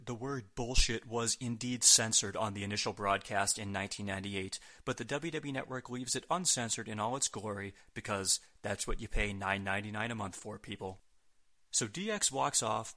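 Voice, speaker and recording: A man narrates a scripted recap as the show's host. His tone is bright and forceful, and he drops dry, sarcastic asides along the way. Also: fairly low pitch. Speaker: podcast host.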